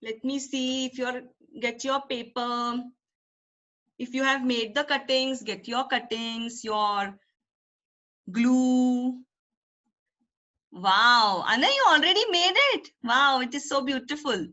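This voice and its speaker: A woman preschool teacher with an Indian English accent, telling a story to young children in an animated way and asking them questions, on a dull lo-fi recording. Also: sits high, slow pace.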